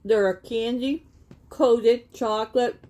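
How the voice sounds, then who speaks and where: Canadian lady opening presents on camera, high voice, slow gushy talk, giggles a lot, crinkly bags behind. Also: steady tone, warm tone. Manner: giggly and gushing, laughs often. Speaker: vlogger opening a gift package. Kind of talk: casual unboxing chat. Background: crinkling bags and packaging.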